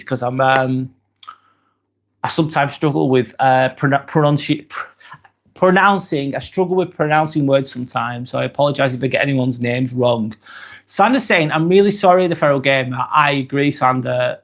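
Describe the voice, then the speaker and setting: A man, hosting a live stream and chatting casually through viewer comments, earnest and hesitant, with many ums and apologies. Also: medium pitch. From England. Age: 40s.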